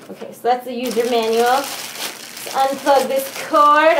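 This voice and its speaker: Giddy high-voiced woman unboxing. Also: normal speed. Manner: giddy, bubbly, exclaims and sings to herself. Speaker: unboxing vlogger. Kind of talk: excited unboxing vlog. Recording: echoey room with faint noise.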